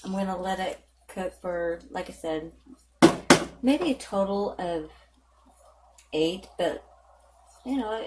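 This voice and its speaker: A woman's voice: mid-range voice, noisy background. A woman hosting a home cooking vlog, talking casually with lots of fillers and restarts as she cooks in her kitchen. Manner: rambling, chatty, lots of fillers and self-corrections.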